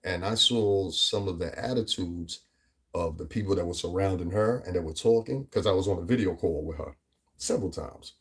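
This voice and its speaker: A man with a New York-area accent holds forth in a casual commentary vlog, rambling and emphatic. His voice sits low and sounds a little husky. He keeps checking in with asides like "you know what I mean". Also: moderate pace. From US Northeast tri-state area. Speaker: vlogger.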